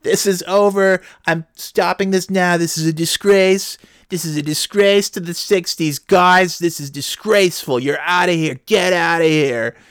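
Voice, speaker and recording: An outraged, stuffy schoolteacher, put on by a man telling a story, shouting indignantly at his class in a high, strained voice. The delivery is loud and scolding, with a dry, close sound. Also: unhurried, smooth, no echo.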